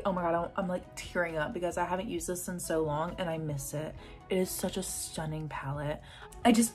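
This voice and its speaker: A young woman, chatting eagerly about her makeup palettes in a casual vlog. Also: on the low side. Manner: gushing, chatty, lots of "like" and "oh my God". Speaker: beauty vlogger. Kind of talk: casual makeup collection chat.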